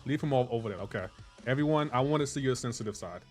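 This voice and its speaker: A male game streamer bantering with his chat in a loose, teasing way, feigning offense for laughs. His voice sits at a middling pitch, and faint music plays softly behind him. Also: lively intonation, quick pace. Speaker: livestream gamer. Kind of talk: casual chat with live chat viewers.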